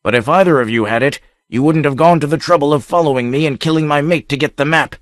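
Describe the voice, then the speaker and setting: A man's voice: fairly high pitch, fast, dry recording, studio quality, pitched above the performer's own voice, close to an everyday voice. A man voicing a bold, swaggering pirate captain who bellows and mocks, in an audiobook reading. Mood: taunting. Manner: bellowing, mocking.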